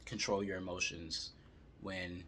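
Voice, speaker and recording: A man calmly telling a story as he gives dating advice to male viewers. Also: deep voice, a little slow, a little hiss or hum. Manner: calm, steady storytelling.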